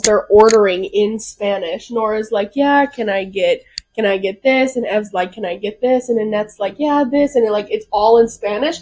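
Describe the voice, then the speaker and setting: A woman's voice: medium pitch, a little hiss or hum. A young woman co-hosting a podcast, chatting casually, swearing a lot and laughing through her stories. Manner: profane, giggly, animated storyteller. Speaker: podcast co-host. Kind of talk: casual chat.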